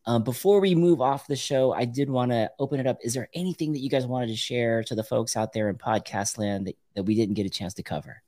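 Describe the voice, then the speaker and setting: A man's voice: medium pitch, brisk, hardly any pauses, a little mellow. A man hosting a casual podcast chat, laughing often and asking easygoing questions. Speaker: podcast host.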